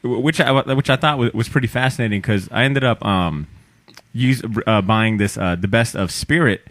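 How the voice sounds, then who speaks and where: A man with a somewhat low voice in a dry, close sound, hosting a casual chat podcast. He speaks thoughtfully, stopping and restarting as he works out his points. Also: normal speed, fairly bright tone, dry recording. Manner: thoughtful, stop-start. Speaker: podcast host.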